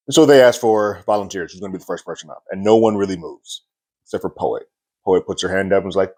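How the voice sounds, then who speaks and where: A man's voice: sits low, fairly quick, a little mellow. A man casually recapping a TV episode, talking loosely with lots of "like" and restarts. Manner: loose, chatty retelling with frequent "like" and restarts. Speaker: TV reviewer.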